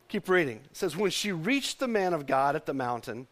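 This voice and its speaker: A man preaching a lively sermon in a high, animated voice. His pitch swings widely as he leads the congregation, repeating lines for them to echo back. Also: normal speed. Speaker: pastor.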